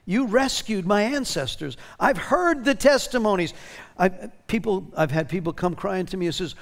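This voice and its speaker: Guy preaching a sermon, kinda high gravelly voice, gets really emphatic reading scripture. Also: normal speed. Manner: animated preaching, reads scripture aloud with feeling. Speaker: pastor.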